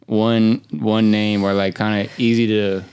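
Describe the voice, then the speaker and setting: Young male podcast host, casual slang, rambling delivery, smooth resonant voice. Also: lowish voice, level tone, unhurried, a little mellow. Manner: loose, slangy, rambling with restarts.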